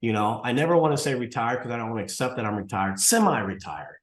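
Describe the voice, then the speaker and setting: A man's voice: mid-range voice, sing-song, fast. A man in his sixties talks through a long story in a casual interview, wandering and restarting as he goes. He acts out both sides of past conversations, and a roomy echo hangs around his voice. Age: 60s. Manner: rambling, restarts often, acts out dialogue. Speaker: martial arts school owner, guest.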